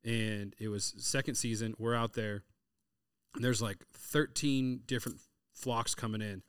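A man's voice: medium pitch, a little slow, clear, resonant tone, dry recording, clean studio sound. A man in his thirties, hosting a casual chat and telling hunting stories full of quoted dialogue. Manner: storytelling, animated retelling of hunting anecdotes with quoted dialogue. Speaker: podcast host.

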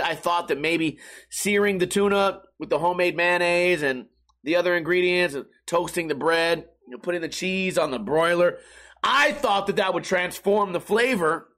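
A man's voice: high-pitched, fairly bright tone. A young man, a live streamer, talking in a rambling, profane, self-mocking casual monologue.

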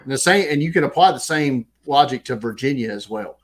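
A man's voice: medium pitch, brisk. Man, Southern US accent, podcast co-host, laid-back sports talk, filler-heavy. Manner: relaxed, many fillers. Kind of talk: casual sports chat.

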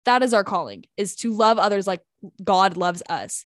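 A woman's voice: medium pitch, expressive, moderate pace, dry recording, studio quality. An eighteen-year-old woman co-hosting a faith podcast, talking casually and earnestly with many "like" and "um" fillers. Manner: earnest, chatty, with frequent "like" and "um" fillers. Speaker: podcast co-host.

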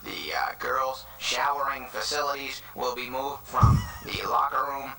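A man playing a sleazy male assistant principal who reads school announcements in a mock-formal voice, now whispering, now shouting, on an old comedy album. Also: mid-range voice, fairly even intonation, a little slow, heavy background noise, natural voice. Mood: lecherous.

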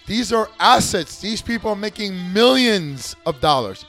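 A man's voice: high voice, lively intonation, measured pace, a bit bright, soft background music. A man hosting his show, talking in an emphatic, rambling way full of swearing and restarted sentences. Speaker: show host. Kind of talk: profane rambling commentary.

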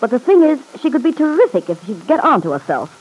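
A wry, weary nightclub owner. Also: female voice, high-pitched, sing-song, fast, a little mellow, highs cut off. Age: middle-aged. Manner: wry, self-mocking, laughs often. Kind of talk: 1940s radio acting.

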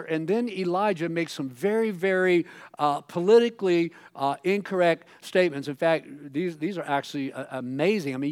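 A male pastor preaching a sermon, retelling a story in a casual, joking way with many asides. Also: fairly high pitch.

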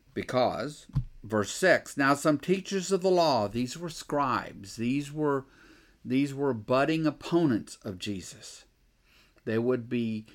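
A man preaching a sermon, thinking aloud, with rhetorical questions and frequent restarts. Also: mid-range voice. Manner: acts out the scribes' objections.

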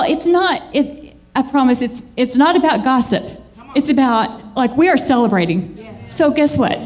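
A woman preaching a lively church sermon, chatty and animated, laughing often and jumping into high excited squeals. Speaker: church speaker.

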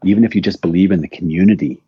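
Very deep husky man, rambling. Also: rapid-fire, no echo. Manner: rambling storyteller, repeats words. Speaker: guest, recovery coach. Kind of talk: casual interview talk. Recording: dull dry lo-fi audio.

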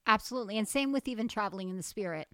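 Lively woman telling faith stories. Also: mid-range voice, very fast, no room sound, studio quality. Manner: animated storytelling, acts out quoted dialogue, laughs often. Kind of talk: casual faith testimony chat.

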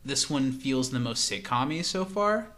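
A man co-hosting a podcast in casual chat, quick to laugh. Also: mid-range voice, expressive, fairly bright tone. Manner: chatty, laughs easily. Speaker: podcast co-host.

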